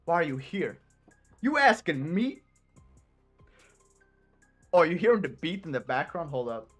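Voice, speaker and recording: A woman's voice: low voice, big pitch swings, measured pace, faint music behind, pitched below the performer's own voice, exaggerated voice. A woman voicing a brash, bored male penguin boss who talks in a slangy, teasing street drawl. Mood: swaggering.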